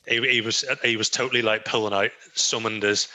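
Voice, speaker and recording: A Northern Irish man co-hosting a podcast, telling a story haltingly with swearing. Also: lowish voice, flat delivery, bright, forceful tone. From Northern Ireland. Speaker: podcast co-host. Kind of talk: casual chat.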